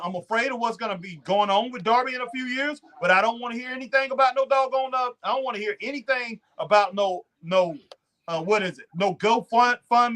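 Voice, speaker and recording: High-voiced animated man talking wrestling. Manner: animated, drawling, mimics wrestlers in asides. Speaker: wrestling show co-host. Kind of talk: casual chat.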